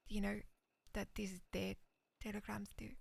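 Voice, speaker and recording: A woman's voice: mid-range voice, flat delivery, normal speed, gravelly, husky, no room sound. A woman roleplaying a character, hesitantly reading messages aloud and often slipping into a whisper. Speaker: roleplay streamer. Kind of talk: in-character western roleplay chat.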